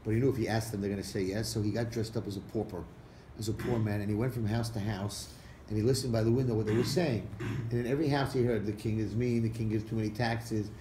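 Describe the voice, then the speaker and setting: Animated storytelling rabbi, echoey hall. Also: male voice, fairly low pitch, fast. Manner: animated storyteller acting out characters' lines. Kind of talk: storytelling talk to an audience. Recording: echoey room recording with faint background noise.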